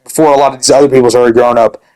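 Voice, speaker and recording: A man's voice: mid-range voice, steady tone, rapid-fire, warm tone, low-quality recording. A young man ranting angrily about another member of his gaming community, swearing heavily and saying "dude" constantly. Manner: heavy swearing, repeats dude. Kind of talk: angry rant.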